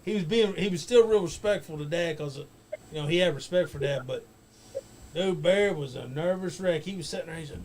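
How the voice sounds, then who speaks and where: A man's voice: a little high, moderate pace. A man casually telling a rambling, profane backstage story as a guest on a talk show, laughing as he goes.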